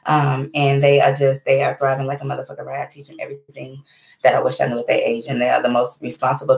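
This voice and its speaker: Speaking fast in a very deep voice with vocal fry, this woman in her thirties recounts a personal story, swearing freely and frequently checking in with "right?". She's candid and animated, and the sound is reverberant.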